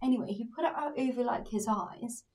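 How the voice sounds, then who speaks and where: A young woman co-hosting a podcast, telling stories in casual chat with lively swearing. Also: on the high side, a little fast, recorded from a distance. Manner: animated storytelling, swears freely. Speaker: podcast co-host.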